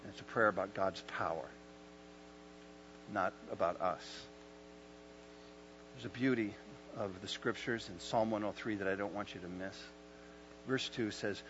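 A man preaching a sermon at an evening church service, moving from calm teaching to loud, impassioned storytelling and hushed moments. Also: on the low side, moderate pace, pauses often. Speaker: pastor. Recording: dull lo-fi sound with faint mains hum.

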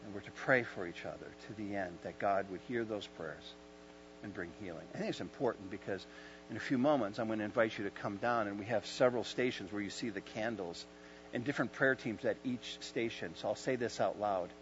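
Man preaching, soft to impassioned. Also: on the low side, a little fast. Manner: builds from calm teaching to loud impassioned preaching, then hushed. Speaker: pastor. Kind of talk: sermon. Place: church service. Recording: dull lo-fi sound with faint mains hum.

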